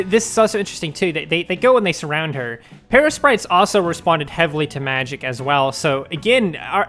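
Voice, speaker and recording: Male host, casual fan commentary, slightly high voice, rambling and filler-heavy. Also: a bit bright. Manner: rambling, speculative, lots of ums and likes. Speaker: fandom news video host.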